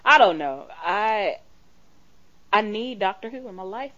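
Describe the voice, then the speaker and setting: A woman's voice: medium pitch, animated, measured pace, a bit bright. A woman co-hosting a casual fan podcast, speaking bluntly and swearing freely. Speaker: podcast co-host. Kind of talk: casual chat. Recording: dull lo-fi recording.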